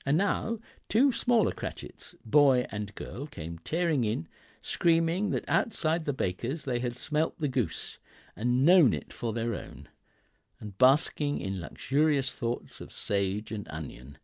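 A man narrating a classic novel in a theatrical, expressive reading, his voice swinging widely in pitch. It sits low with a gravelly fry, recorded close and dry. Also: a little slow, dry recording.

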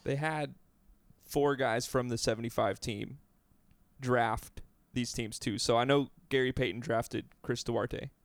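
Talkative podcast host, smooth voice. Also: male voice, mid-range voice, steady tone, unhurried, no room sound. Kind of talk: casual chat about basketball.

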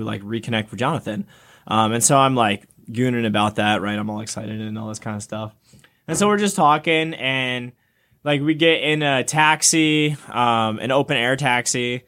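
A young man co-hosting a casual talk show, telling a travel story with lively acted-out quotes. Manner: animated storyteller, acts out quotes with jumps in pitch. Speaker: podcast co-host.

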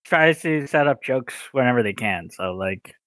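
A man's voice: mid-range voice, animated, normal speed, fairly bright tone, no room sound, clean studio sound. A man co-hosting a podcast, recapping an episode casually with hesitant, stammering starts. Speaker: podcast co-host.

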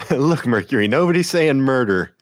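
A man's voice: mid-range voice, expressive, normal speed, no room sound, clean studio sound, voice pushed up, close to an everyday voice. A man voicing a polite, flustered woman police officer with a put-on who repeats words as she hesitates.

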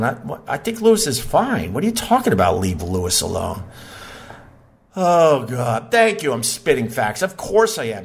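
A man hosting his podcast, ranting heatedly with swearing and shouted bursts, recorded in a home studio. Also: a little high. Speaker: podcast host. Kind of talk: casual monologue rant. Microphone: high quality recorder.

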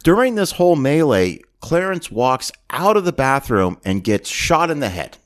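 A man's voice: medium pitch, normal speed. A man hosting a podcast, animatedly retelling a film's plot in casual chat and acting out its lines. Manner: animated storytelling, acts out quotes. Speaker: podcast host. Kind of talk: casual movie recap.

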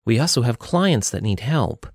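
A man voicing a sharp-tongued, sarcastic young woman who leads an adventurers' guild. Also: medium pitch, big pitch swings, normal speed, gravelly, dry recording, clean studio sound. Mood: wry. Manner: sarcastic, blunt.

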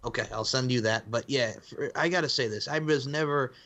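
A man's voice: medium pitch, brisk, sharp tone. A man co-hosting a casual wrestling podcast, laughing often and acting out old promos in mocking voices. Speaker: podcast co-host.

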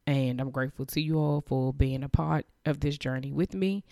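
A woman's voice: very deep voice, normal speed, vocal fry, dark tone, no room sound, clean studio sound. Earnest woman hosting a faith podcast. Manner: earnest, emotional, repeats words, sighs. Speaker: podcast host. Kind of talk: heartfelt faith-based podcast monologue.

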